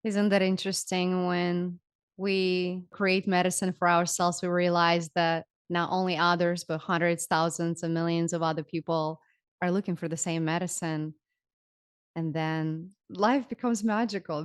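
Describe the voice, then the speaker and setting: A woman's voice: lowish voice, level tone, moderate pace, clean tone, dry recording, studio quality. A woman hosting an interview, speaking in an uplifting, flowing way and repeating words for emphasis. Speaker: host. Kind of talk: inspirational interview talk.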